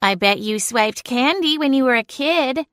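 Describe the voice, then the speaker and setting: A woman's voice: high-pitched, expressive, moderate pace, a bit bright, no room sound, clean studio sound, pitched above the performer's own voice. A woman voicing a snarky, nosy female talking cat in an audiobook, grumbling and blunt. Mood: interrogating. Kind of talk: audiobook character voice.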